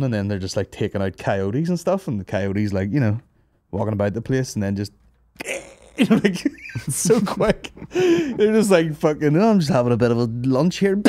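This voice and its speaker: A man's voice: lowish voice, darkish tone, no room sound. A young man hosting a comedy podcast, telling stories with lots of swearing and laughing asides. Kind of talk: casual banter.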